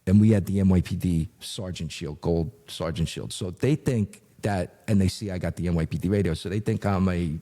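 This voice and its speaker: Deep husky middle-aged man telling a story. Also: a little fast, hardly any pauses. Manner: animated, acts out quotes, frequent fillers. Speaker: retired investigator, guest. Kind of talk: casual storytelling.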